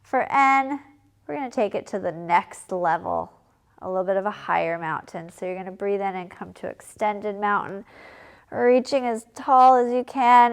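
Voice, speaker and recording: A woman teaching a children's yoga class, giving calm, encouraging step-by-step cues. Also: mid-range voice, moderate pace, clear, resonant tone. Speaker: kids yoga instructor. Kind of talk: guided yoga lesson for children.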